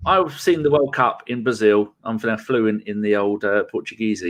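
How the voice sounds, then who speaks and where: A man's voice: lowish voice, moderate pace. A man co-hosting a casual football podcast, joking and bantering. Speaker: podcast co-host.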